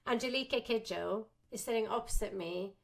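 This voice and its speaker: A woman's voice: on the high side, a little fast, gravelly. A woman being interviewed as a guest, telling a story with animation and acting out quotes. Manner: animated, acts out quotes of herself and others.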